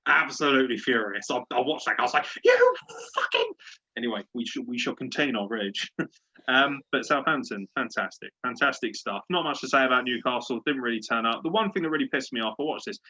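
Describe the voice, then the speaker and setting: A man's voice: medium pitch, quick pace, sharp tone, husky, rough recording. A man hosting a casual sports podcast, ranting in a fired-up, profane way. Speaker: podcast host.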